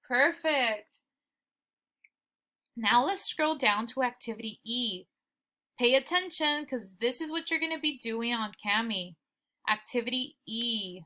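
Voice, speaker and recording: A young woman teacher giving a recorded phonics lesson, slowly sounding out word parts for her students. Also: on the high side, sharp tone.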